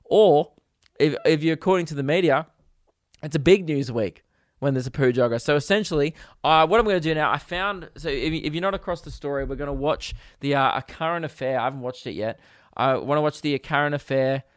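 Crude rambling Australian man, clear close voice. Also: a little high, brisk, no room sound. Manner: rambling, crude, jokey with sudden loud put-on voices. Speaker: podcast host. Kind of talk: comedic solo podcast rant.

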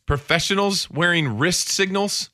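A man's voice: sits high, bright, forceful tone, no room sound, studio quality. A man co-hosting a casual sports talk show, joking around and acting out coaches. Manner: joking, plays coaches in quick impressions. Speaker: co-host. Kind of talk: casual banter.

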